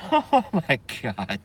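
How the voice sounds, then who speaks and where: A man's voice: mid-range voice, slight background noise. A man doing a comedic, profane live stream rant, keeps breaking into laughing fits. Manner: profane, sarcastic.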